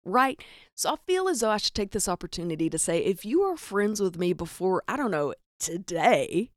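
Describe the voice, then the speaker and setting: A woman's voice: mid-range voice, big pitch swings, moderate pace, no echo, clean studio sound. A young adult woman with a Southern American accent, telling funny stories in a chatty, self-deprecating way as a podcast host. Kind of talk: comedic storytelling monologue.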